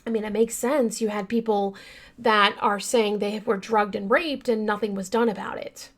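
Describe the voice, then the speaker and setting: A woman's voice: mid-range voice, steady tone, moderate pace. A woman hosting a true-crime podcast, telling the story casually with many fillers and talking straight to her listeners, earnest and yawning now and then. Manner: chatty, many fillers, addresses listeners as you guys; earnest and upset by the case.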